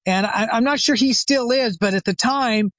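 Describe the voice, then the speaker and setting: A man, a retired chiropractor, telling a lively anecdote as the guest expert of an interview. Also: very high voice, moderate pace, no room sound. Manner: animated anecdote teller, acts out quoted phone calls. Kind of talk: storytelling interview. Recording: dry, slightly dull sound.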